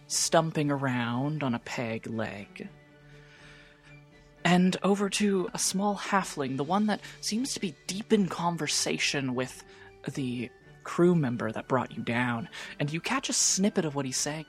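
A woman narrating a tabletop game as game master in a measured, descriptive way. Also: low voice, slightly rough.

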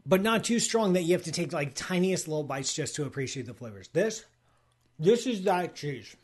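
Guy hosting a livestream, kinda high voice, rambly and excited, lots of likes and restarts. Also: fairly quick, husky. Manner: rambling, enthusiastic, self-interrupting with likes and restarts. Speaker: livestream host. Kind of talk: casual chat with sponsor read and cheese tasting.

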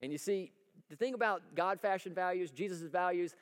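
A man preaching a folksy, energetic sermon and asking the congregation for agreement. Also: sits high, a little fast, in a large hall. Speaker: pastor. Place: church sanctuary.

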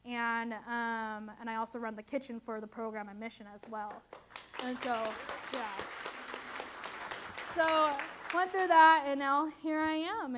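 Young woman, testimony, halting, many fillers, slightly high pitch. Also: fairly bright tone. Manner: halting, many fillers, quotes others in dialogue. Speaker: testimony speaker. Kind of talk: personal testimony.

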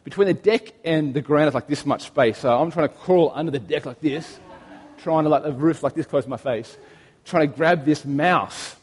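A man preaching in a warm, conversational way, slipping into homely family stories with light humor. His voice sits a little high for a man, and it rings out with a long hall reverb behind it. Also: moderate pace, husky. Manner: conversational storytelling with gentle humor. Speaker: pastor. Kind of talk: sermon.

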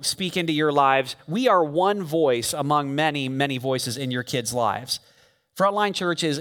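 A man's voice: fairly high pitch, fairly bright tone, clear, resonant tone. A man preaching a sermon to a church congregation, speaking conversationally and telling stories with frequent fillers. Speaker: pastor. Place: church sanctuary. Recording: long reverb of a large hall.

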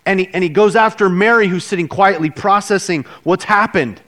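High-voiced emotive male preacher. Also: a little fast. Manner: emotive, conversational preaching with big swings from loud to hushed. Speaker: pastor. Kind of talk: sermon.

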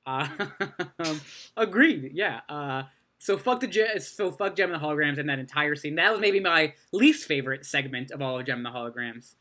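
A woman's voice: sits low, lively intonation, normal speed, fairly bright tone. A woman co-hosting a casual recap chat, sarcastic and swearing often, laughing along. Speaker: podcast co-host.

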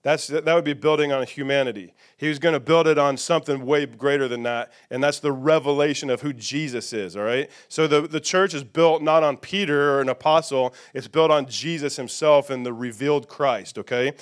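A man's voice: medium pitch, a little fast, hardly any pauses, smooth. A middle-aged male pastor preaching a sermon in a conversational way, often checking in with his listeners with "okay?" and "amen?".

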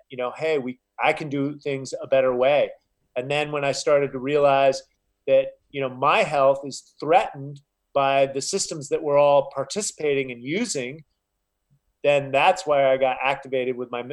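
A man talking as a guest in a casual interview, earnest and a little preachy, often filling with "you know". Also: mid-range voice. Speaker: podcast guest, health coach.

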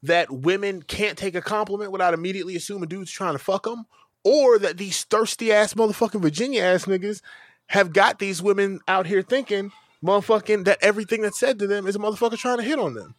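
A young adult man co-hosting a podcast, telling a story in a loud, animated, profane way and acting out the people in it. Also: sits high, quick pace, dry recording, clean studio sound. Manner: animated, profane, acts out dialogue. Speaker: podcast co-host. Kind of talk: casual storytelling chat.

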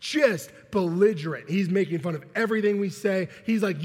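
A young man preaching, telling a story in an animated way and acting out the voices of the people in it. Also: high voice, brisk, hardly any pauses. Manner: animated, acts out quoted voices with laughs. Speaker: pastor. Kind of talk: sermon with storytelling. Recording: long hall reverb.

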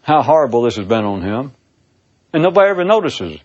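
Theatrical, sarcastic man with a husky voice. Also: medium pitch, sing-song, a little fast, darkish tone, dull audio. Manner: sarcastic, theatrical, swooping emphasis. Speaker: speaker giving a monologue. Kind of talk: casual philosophical monologue.

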